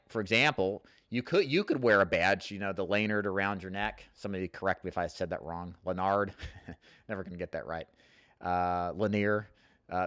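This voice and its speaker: Low-voiced man coaching live chat. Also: fairly bright tone, dry recording, studio quality. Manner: rambling, coaching, reads viewer comments aloud. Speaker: host answering live chat questions. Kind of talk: casual live Q&A.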